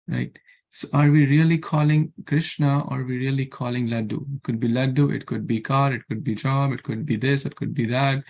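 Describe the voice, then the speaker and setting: A man's voice: mid-range voice, steady tone, normal speed, gravelly, a little mellow. A man giving an earnest sermon, repeating himself and asking his listeners questions, with chants and Sanskrit verses mixed in. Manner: earnest, repetitive, asks rhetorical questions. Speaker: scripture class speaker.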